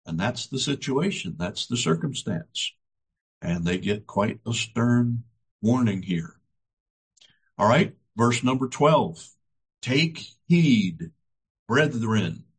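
A man's voice: medium pitch, animated, slow pace, husky. A man preaching a sermon with dramatic, emphatic delivery and repeated phrases.

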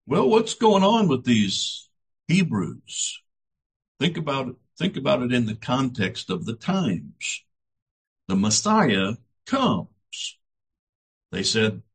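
A man preaching a sermon, building each point through dramatic repetition. His voice is husky, and his pitch rises and falls widely. He speaks at a slow, deliberate pace. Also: very animated. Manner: dramatic, emphatic, repetitive phrasing.

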